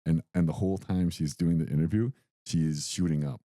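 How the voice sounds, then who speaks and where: A man's voice: low-pitched, a little fast, dry recording. A young adult man co-hosting a podcast, telling a story in casual chat and acting out the quotes. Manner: animated storytelling, acts out quotes. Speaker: podcast co-host.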